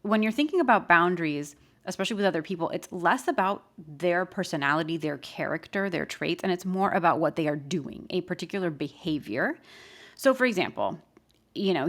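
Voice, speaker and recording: Brief: woman host, low-pitched, emphatic and lively, casual advice talk. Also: normal speed. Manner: animated, emphatic, laughs often. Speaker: podcast host.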